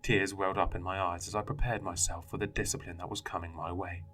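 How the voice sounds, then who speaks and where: A man's voice: low-pitched, little pitch movement, fast talker, fairly bright tone, slight background noise. A man narrating a horror story in a grave, dramatic manner.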